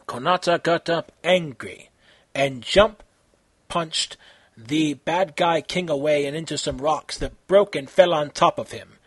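A man reading his own fan fiction aloud in an amateur, halting way, with slips and self-corrections. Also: fairly high pitch, husky, dry recording.

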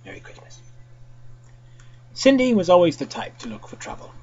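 Theatrical podcast reader, lively up-and-down voice, dull lo-fi audio, faint music behind. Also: medium pitch. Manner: theatrical, quick to switch voices. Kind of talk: comic fan-fiction reading.

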